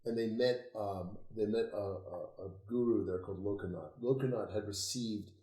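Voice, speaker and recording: An older man being interviewed about his life, telling stories in a lively way, laughing and swearing freely. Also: on the low side, moderate pace. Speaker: interview guest, occultist author. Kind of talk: casual storytelling conversation. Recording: roomy echo.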